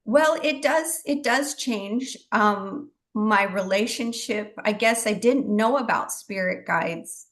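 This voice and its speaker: A middle-aged woman, a guest psychic medium, telling her story in a lively, chatty way, laughing often and acting out what she said back then. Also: medium pitch, slow, few pauses. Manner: animated, chatty, laughs often, acts out her own past words. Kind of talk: casual storytelling in a talk show interview.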